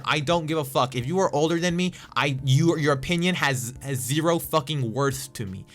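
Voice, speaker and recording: A young male vlogger rants about politics in a loose, profane way, stammering and restarting as he goes. His voice is bright and forceful, and faint music plays underneath. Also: on the high side, normal speed, hardly any pauses. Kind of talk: casual political rant.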